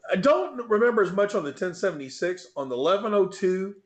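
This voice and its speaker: Talking quickly in a high-pitched voice, a middle-aged man spins a profane, animated yarn on an interview show, playing out the scenes as he goes. He's there as a guest known for a bench press record, and the sound carries a roomy echo.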